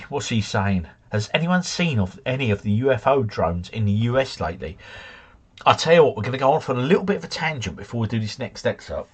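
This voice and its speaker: A man's voice: mid-range voice, slightly rough. A middle-aged man who chats casually and jokingly while he hosts a livestream at home, reads comments, and drifts into tangents. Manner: chatty, jokey, drifts off into tangents. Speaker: livestream host. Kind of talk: casual chat reading live comments. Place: home, drinking beer. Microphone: desk mic.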